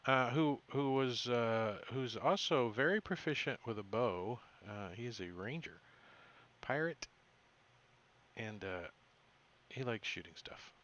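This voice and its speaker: Acting as game master for a tabletop game, a man recaps the session haltingly, full of fillers and self-corrections. His voice is medium-pitched with a fairly bright tone, and the recording is muffled.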